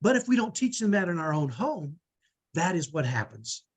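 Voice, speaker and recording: A man's voice: a little high, big pitch swings, moderate pace, breathy edge. A middle-aged man hosting a live online parenting training on a video call, earnest and emphatic, often tagging on "right?". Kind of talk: live webinar talk.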